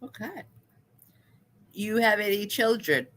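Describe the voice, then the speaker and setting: A woman hosting a podcast interview, asking short questions in an unhurried way. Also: medium pitch, expressive, a bit bright. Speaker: podcast host. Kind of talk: casual interview.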